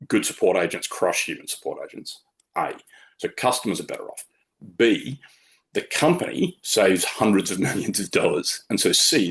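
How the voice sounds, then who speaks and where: A man presenting a webinar from slides in a blunt, opinionated, conversational way. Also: low-pitched.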